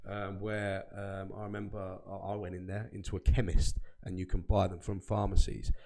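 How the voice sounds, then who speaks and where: A man's voice: low-pitched, little pitch movement, normal speed, gravelly, darkish tone. A man, co-hosting a casual podcast and teasing his partner with sweary banter. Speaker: podcast co-host.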